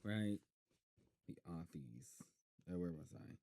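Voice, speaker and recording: A man's voice: low voice, normal speed, mellow, no echo. A man reading a novel aloud in a casual live stream, stumbling and restarting often and chatting to listeners between passages. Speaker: amateur reader of a novel.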